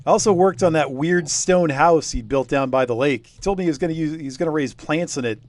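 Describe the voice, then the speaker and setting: A man's voice: fairly high pitch, fairly quick, darkish tone, no room sound, voice pushed up, natural voice. A man voicing an older male village workman who rambles through local rumors in a folksy way, near his own voice. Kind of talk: tabletop game character voice.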